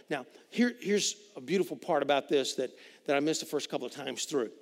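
A man preaching a sermon as pastor, swinging between loud emphatic lines and hushed quiet ones. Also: on the high side, expressive, fairly quick. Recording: reverberant hall.

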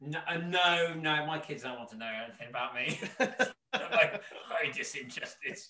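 A man's voice: fairly high pitch, lively intonation, normal speed, bright, forceful tone, distant mic, slight background noise. A man in casual chat, joking and teasing, laughing often. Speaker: guest. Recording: roomy sound, away from the mic.

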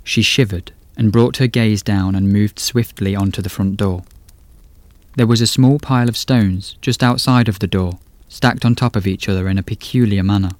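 A man reading a scripted horror story in a measured, atmospheric way as host of a podcast. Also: on the low side, a little mellow, dry recording.

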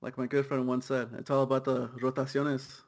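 A young soccer podcast co-host talks with a medium pitch and a completely flat delivery. Still, the chat is relaxed, with quick riffs and easy laughs.

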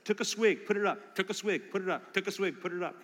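A middle-aged man preaching as a pastor, telling personal stories in an animated way and acting out the voices in his anecdotes. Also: high-pitched, quick pace. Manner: animated, acts out quotes in character voices. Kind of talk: sermon with personal storytelling. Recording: long reverb of a large hall.

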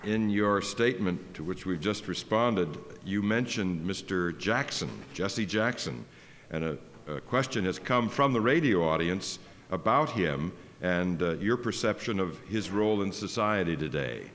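Brief: man, moderator, very low voice, measured question, echoing hall. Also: lively intonation, a bit bright. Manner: measured, reading out an audience question. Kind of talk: formal question to a guest. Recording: long hall reverb with faint noise.

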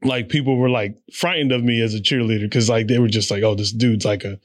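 A man as a guest in a casual chat, animated and swearing freely, laughing often. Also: mid-range voice, fast talker.

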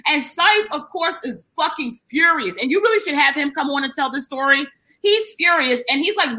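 A woman's voice: high-pitched, a little fast, poor audio. A woman comedian telling a long story in casual, profane chat, acting out the people in it. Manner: profane, animated, acts out the people in her story.

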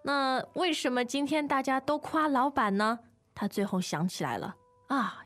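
A woman's voice: sits high, moderate pace, fairly bright tone. A woman teaching on a bilingual language podcast in a studio. She agrees readily and explains meanings patiently, with faint music underneath. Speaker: Mandarin teacher, co-host.

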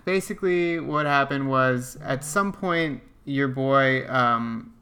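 A man's voice: mid-range voice, takes it slowly, pushed and bright, clear, resonant tone. A young man co-hosting a podcast, in laid-back casual banter with some slang. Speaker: podcast co-host. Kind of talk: casual chat.

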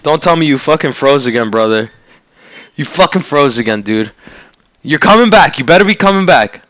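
A man's voice: on the high side, expressive, brisk, a bit bright, dry recording. Joking young man on a dry mic. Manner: joking, teasing, swears a lot. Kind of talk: casual video-call chat. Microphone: video call.

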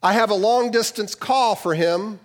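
A man voicing an impatient, firm female telephone operator who talks in a brisk, insistent way. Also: high voice, big-room sound, voice pushed up.

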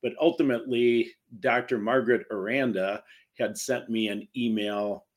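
A man's voice: medium pitch, steady tone, normal speed. A man hosting a talk show, speaking earnestly and encouragingly to his guest. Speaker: host.

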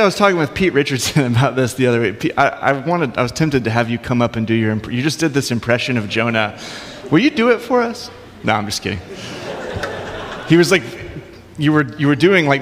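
Pastor, male, relaxed conversational preaching with humor, sanctuary reverb. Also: medium pitch, moderate pace. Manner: conversational, informal with light humor. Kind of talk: sermon. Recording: long hall reverb.

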